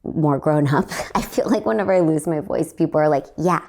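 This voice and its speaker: A young woman telling a story in a casual, rambling way, her voice slightly raspy and hoarse, laughing often. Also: low-pitched, a little fast, mellow. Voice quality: slightly raspy, recovering from lost voice. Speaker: podcast host and stand-up comedian.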